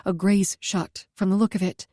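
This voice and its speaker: A woman reading a first-person story aloud at a steady pace, close to the mic. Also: mid-range voice, moderate pace, no echo. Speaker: audiobook narrator.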